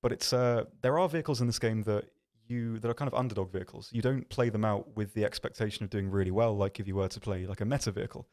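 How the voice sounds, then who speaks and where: Guy on a game stream in an office, lowish voice, rambly and jokey about himself, lots of ums. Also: fast, hardly any pauses, darkish tone. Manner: rambling, self-deprecating, lots of ums and restarts. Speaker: stream host. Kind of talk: casual livestream chat reading viewer questions.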